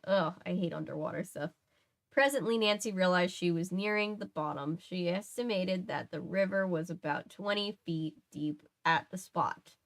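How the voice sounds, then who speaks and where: Young woman reading a book out loud on stream, chatty, trips over words and fixes them. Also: lowish voice. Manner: chatty asides, stumbles and self-corrections. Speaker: host reading a book aloud. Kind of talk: casual read-aloud livestream.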